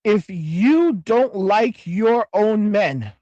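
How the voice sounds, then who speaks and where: A man's voice: high-pitched, lively intonation, very slow, dark tone, no echo, muffled recording. A man in his forties hosting a livestream, talking bluntly and profanely in a rambling way, with frequent restarts. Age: 40s. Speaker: livestream host. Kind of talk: casual ranting livestream.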